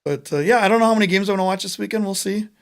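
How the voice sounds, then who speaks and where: A man with a somewhat higher voice tells a long joke on a casual podcast. He acts out the characters' lines with lively, animated storytelling. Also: very fast, creaky, clean tone. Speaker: podcast co-host. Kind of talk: casual chat, telling a joke.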